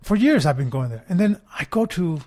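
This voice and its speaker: A man's voice: high-pitched, sing-song, brisk, warm tone. A man hosting a political talk radio show, rambling, repeating words and asking "right?" again and again. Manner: mocking put-on voices when quoting. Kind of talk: political commentary monologue.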